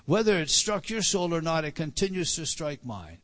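A man's voice: a little high, big pitch swings, a bit bright. Man preaching with emphatic rising stresses. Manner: halting restarts, repeated words, emphatic rises. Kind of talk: expository Bible teaching sermon.

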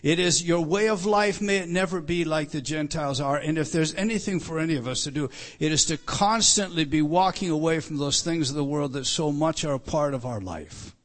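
A man preaching an earnest sermon, often repeating words and slowing down for emphasis. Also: fairly high pitch. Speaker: pastor.

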